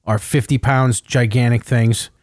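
A man telling a story in casual chat, swearing freely and getting animated. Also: medium pitch, a little slow, no room sound, studio quality. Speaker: podcast co-host telling a story.

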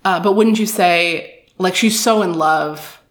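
A woman's voice: on the low side, takes it slowly. A woman co-hosting a book podcast, chatting casually, laughing often and reading excerpts aloud.

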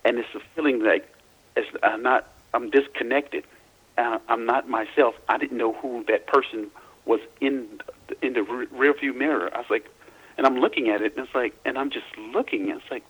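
A man from Louisiana, a guest in a casual phone interview, telling his story in a halting way full of restarts and repeats. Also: medium pitch, slightly rough, poor audio.

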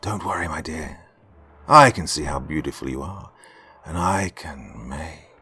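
Calm, smug carnival painter, deep and deliberate, voiced by a man. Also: slightly rough, full character voice. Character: mysterious male carnival artist, calm and smug.

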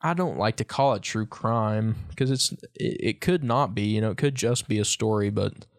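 A man's voice: on the low side, moderate pace. A man co-hosting a podcast in casual chat, easygoing and joking, often trailing off mid-sentence. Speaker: podcast co-host.

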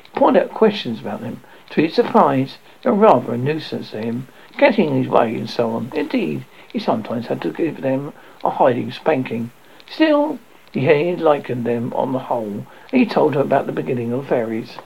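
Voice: medium pitch, very animated, normal speed, creaky, a little mellow, husky. A reader doing an amateur storybook reading with frequent slips and restarts, on a dull lo-fi recording. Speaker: audiobook reader.

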